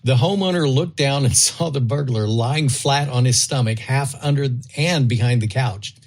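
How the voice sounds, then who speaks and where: A man's voice: medium pitch, moderate pace. A man co-hosting a podcast, reading odd news stories aloud and laughing often. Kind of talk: casual chat.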